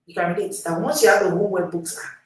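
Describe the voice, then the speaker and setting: A woman coaching listeners in a motivational teaching talk. She hammers points home through repetition, jumping from loud to near-whispered. Her voice rings around a very echoey room, picked up by a mic placed well away from her. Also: medium pitch, steady tone, quick pace, far from the mic. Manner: emphatic and repetitive, with sharp swings between loud and hushed. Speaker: reading coach.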